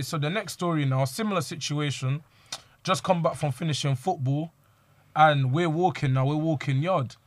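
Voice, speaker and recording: A man's voice: a little high, dry recording. Young man telling stories. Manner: slangy, acts out quoted lines. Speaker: storyteller. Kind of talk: animated casual storytelling with friends.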